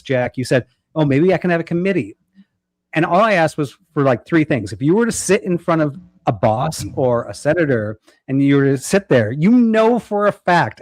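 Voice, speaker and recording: A man's voice: on the high side, dry recording. Argumentative man in a dry, close recording. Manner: argumentative, quick to act out scenarios in quotes. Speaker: guest. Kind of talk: casual chat.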